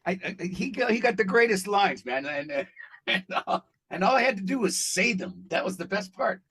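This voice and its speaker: A man with a husky, slightly raised speaking voice chats as a voice-acting guest. He tells stories with animated energy, laughing and slipping into other voices as he goes. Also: high voice, moderate pace, rough recording. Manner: animated raconteur who laughs and acts out quotes. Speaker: voice actor guest. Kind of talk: casual interview storytelling.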